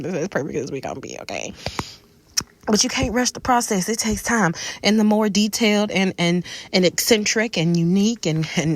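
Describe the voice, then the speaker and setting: A woman's voice: medium pitch, lively intonation, brisk, dry recording. A woman chatting casually through a makeup tutorial, calling the viewer baby and y'all. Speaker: makeup creator.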